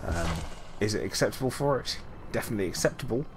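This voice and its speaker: A man's voice: fairly low pitch, lively intonation, fast, noisy background. A man streaming a game and chatting casually while playing, rambling and correcting himself, often laughing. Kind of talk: casual gameplay chat.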